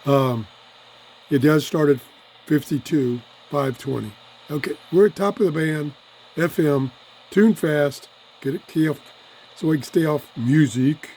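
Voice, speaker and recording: A man with a voice going hoarse, chatting excitedly as he tries out a small radio in his home office. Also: fairly high pitch, unhurried. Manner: chatty, easily excited, talks while fiddling. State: losing his voice, throat-clearing. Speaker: radio reviewer. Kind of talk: casual hands-on product review. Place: home office full of electronics.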